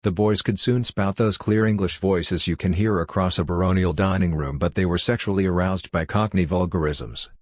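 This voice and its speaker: Low-voiced guy reading as a young doctor, brisk and clinical, explaining stuff matter-of-fact, dry close sound. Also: no echo. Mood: lecturing.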